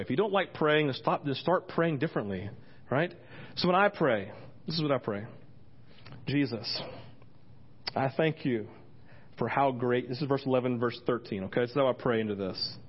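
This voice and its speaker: A man's voice: medium pitch, slightly rough. A man preaching a sermon as a pastor and praying aloud, earnest and rambling, often breaking off mid-sentence to start again. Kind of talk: sermon with spoken prayer. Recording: dull lo-fi recording.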